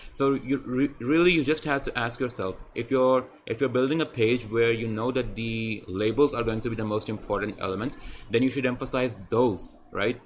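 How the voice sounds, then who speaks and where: A man's voice: medium pitch, slight background noise. A man teaching web design while walking through a website on screen, talking in a conversational way that repeats points and keeps adding "right?". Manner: conversational, repetitive, often adds "right?". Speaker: design tutor. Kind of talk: screen-share tutorial.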